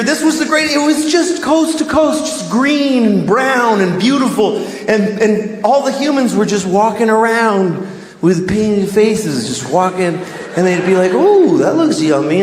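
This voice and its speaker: Shouting man in an echoing hall. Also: high voice. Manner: rambling, shouts punchlines, plays both sides of dialogues. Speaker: stand-up comedian. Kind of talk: stand-up routine. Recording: big echoing hall with noise.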